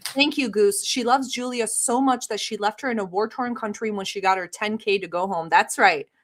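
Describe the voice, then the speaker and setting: A woman from the Middle East runs a reaction channel, commenting on clips with blunt, sarcastic, profane ranting. Her mid-range voice moves at normal speed over a little hiss or hum.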